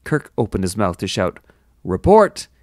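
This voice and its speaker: A male hobby reader narrates a science fiction novel in a steady manner, now and then stopping for self-deprecating asides. His voice sits on the low side, recorded close and dry with no room sound. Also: moderate pace, no room sound. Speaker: audiobook reader. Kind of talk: amateur novel reading.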